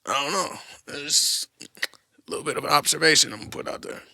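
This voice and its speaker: A man's voice: a little high, brisk, creaky, pushed and bright, dry recording, studio quality. A young man hosting a podcast, ranting bluntly with lots of profanity and mockery. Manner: blunt, profane, mocking rants. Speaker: podcast host. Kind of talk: opinionated solo monologue.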